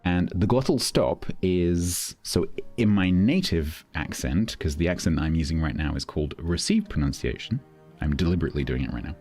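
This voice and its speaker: A man's voice: deep voice, expressive, normal speed, a little mellow. A middle-aged man from London with a London accent, chatting casually with his stream chat, explaining things with many restarts. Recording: faint background music.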